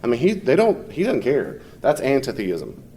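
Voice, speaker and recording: A man's voice: medium pitch, huge pitch swings, normal speed, warm tone. Man lecturing a class off the cuff. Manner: conversational, off the cuff, mimics people in quotes. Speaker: teacher.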